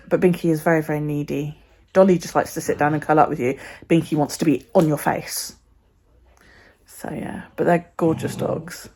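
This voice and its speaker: This woman's voice is fairly low and darkish, with vocal fry. She's vlogging casually on a phone she holds, rambling, sometimes cursing, and often lowering to a near whisper.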